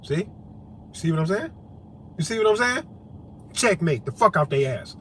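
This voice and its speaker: A man with a notably high voice delivers a fired-up monologue to his camera. He swears freely, preaches, and drives each point home through repetition. Faint background noise sits under his voice. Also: big pitch swings, moderate pace, fairly bright tone. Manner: profane, emphatic, preachy, repetitive. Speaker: vlogger and activist.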